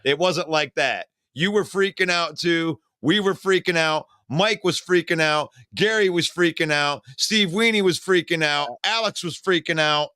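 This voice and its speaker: A man's voice: a little high, moderate pace, hardly any pauses, pushed and bright, no room sound. A man co-hosting a casual sports talk show, talking emotionally and rambling with frequent restarts.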